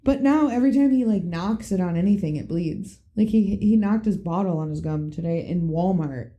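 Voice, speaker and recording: A young mother, a podcast co-host chatting casually, blunt and quick to swear. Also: fairly low pitch, mellow. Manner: blunt, swears, dramatic about blood. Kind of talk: casual chat.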